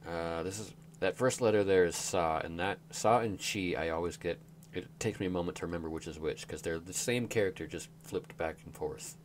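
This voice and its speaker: A man's voice: low-pitched, brisk, slight background noise. A young man giving hesitant, self-deprecating let's play commentary while sounding out words. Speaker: gaming YouTuber.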